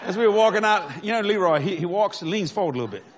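High-voiced, lively preacher man. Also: rapid-fire, crowd noise, noisy background. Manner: chuckles often while telling stories; folksy, conversational, asks the audience if they follow. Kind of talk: storytelling sermon.

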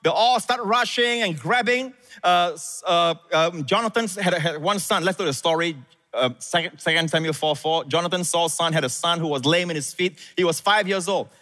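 A male pastor preaching, his voice sitting a bit high for a man. He tells the story in a dramatic way and jumps sharply upward when he quotes the characters. The sound rings through a hall with a long reverb. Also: moderate pace. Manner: animated, rises high and loud when quoting scripture. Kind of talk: sermon.

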